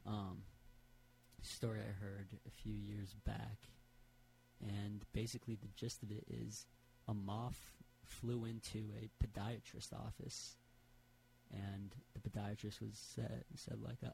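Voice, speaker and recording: A man's voice: lowish voice, flat delivery, unhurried, creaky, warm tone, a little hiss or hum, poor audio. A man telling a long rambling joke, hesitant and full of fillers. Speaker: joke teller.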